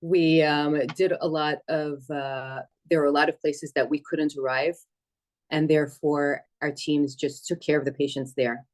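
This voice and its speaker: A woman's voice: low voice, a little slow. Earnest woman telling a personal account. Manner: earnest, steady storytelling with hesitations. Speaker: emergency medic and dispatcher giving testimony.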